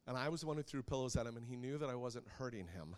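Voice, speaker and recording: A man in his thirties preaching, telling family stories with lots of laughter and getting loud when he acts out scenes. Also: medium pitch, rapid-fire. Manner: animated storyteller who laughs often and gets loud when acting out scenes. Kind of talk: sermon with personal stories.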